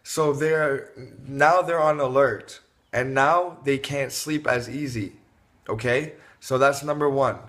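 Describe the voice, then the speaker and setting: A man speaks casually to fathers watching his vlog, sharing advice in a loose, conversational way. His voice sits in an ordinary middle pitch. He rambles, circles back and restarts his sentences often. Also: takes it slowly. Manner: relaxed, rambling, many fillers and restarts. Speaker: parenting vlogger. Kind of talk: casual advice talk to camera.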